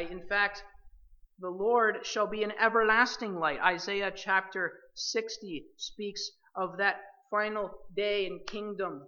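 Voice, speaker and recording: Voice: mid-range voice, sharp tone, highs cut off. A preacher delivering a sermon with emphatic, direct address to the listeners as believers.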